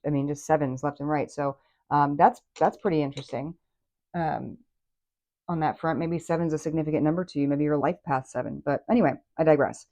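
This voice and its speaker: Female tarot host, low-ish voice, chatty and easily excited, rambling delivery. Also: lo-fi sound. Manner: excitable, enthusiastic, chatty with many fillers and restarts. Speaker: tarot reader and channel host. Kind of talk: casual tarot reading to camera.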